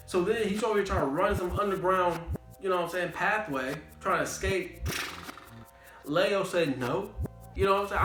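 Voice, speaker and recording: A young man recapping an anime in a casual, slangy, animated way, repeating catchphrases. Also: fairly high pitch, normal speed. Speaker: anime reviewer. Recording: roomy room, faint background music.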